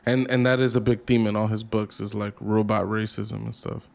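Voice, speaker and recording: A man's voice: on the low side, flat delivery, brisk, creaky. A man co-hosting a gaming podcast, rambling in casual chat with lots of swearing and restarts. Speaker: podcast co-host.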